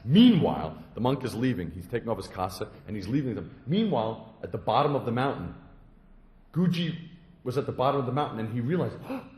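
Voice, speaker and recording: A Zen monk from the United States tells a dharma story with a very lively, sweeping voice. His phrasing is simple, and he acts out each character. The sound is roomy and echoey. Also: medium pitch, a little fast. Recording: echoey room.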